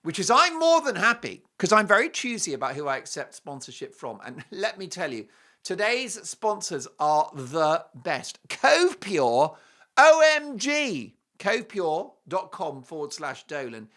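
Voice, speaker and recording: Animated male talk host. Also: a little high, measured pace. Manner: animated, jokey, emphatic. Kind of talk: opinionated commentary with a read ad.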